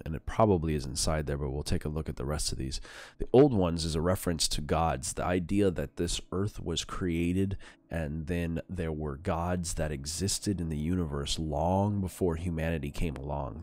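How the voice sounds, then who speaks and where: A man's voice: a bass voice, a little mellow, no echo. A man streaming a horror game, talking casually and bluntly, swearing, and reading the game's text aloud. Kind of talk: casual gameplay commentary.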